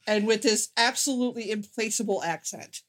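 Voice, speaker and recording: A woman's voice: fairly high pitch, brisk. A woman co-hosting a podcast in casual chat, often repeating words while gathering her thoughts. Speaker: podcast co-host.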